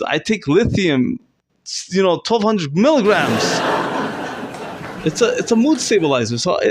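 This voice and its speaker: A man rambling through an improvised, self-mocking comedy monologue, with fillers and restarts. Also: background noise. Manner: rambling, self-mocking, with sudden squeaky fake sobbing. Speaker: comedy vlogger. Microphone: close to camera.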